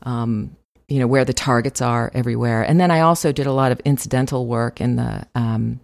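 A woman's voice: a bass voice, a little fast, gravelly, a little mellow, no echo, clean studio sound. A woman voice actress chatting in an interview, talkative and laughing often, with many fillers. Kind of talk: casual interview chat.

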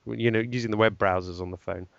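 A man hosting a casual tech podcast, rambling and halting through speculation with lots of fillers. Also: fairly low pitch, steady tone, creaky, a bit bright, no echo, muffled recording. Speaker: podcast host.

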